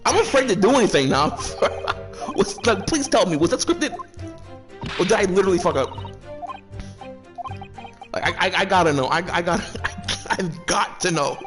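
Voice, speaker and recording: A young man playing a courtroom game and reacting out loud, excitable and swearing a lot, laughing and rambling in slang. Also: high voice. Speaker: gaming YouTuber. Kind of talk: let's play commentary, reading game dialogue aloud.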